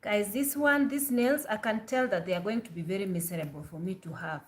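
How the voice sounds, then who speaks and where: A woman from Kenya, chatting bluntly and casually to the camera as a vlogger, quick to laugh. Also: medium pitch.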